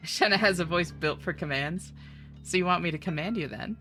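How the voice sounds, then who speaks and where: A woman's voice: on the low side, a little fast, a bit bright, soft background music. A woman streaming a video game live, bantering with chat in a flirty, teasing way and trading puns.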